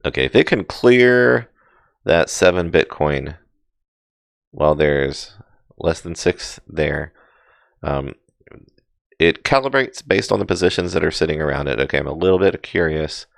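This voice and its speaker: A man's voice: low voice, animated, a little slow, vocal fry, long pauses, dry recording, studio quality. A man giving casual live crypto chart commentary, rambling with many fillers and self-deprecating asides. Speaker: crypto market streamer.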